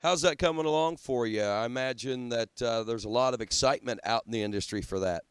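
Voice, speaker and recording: A male radio host of middle pitch leads an interview with keen enthusiasm. His voice is smooth and clear. The sound is dry and close. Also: fairly quick, dry recording. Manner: enthusiastic, friendly, says "man" often. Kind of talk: interview hosting.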